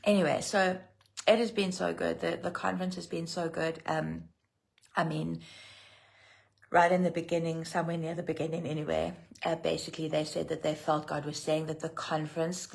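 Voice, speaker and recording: A loud, chatty middle-aged woman with a South African accent, hosting a rambling livestream devotional, laughing often and answering viewer comments. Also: on the low side, creaky. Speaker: pastor and prophetic minister. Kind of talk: casual livestream devotional chat.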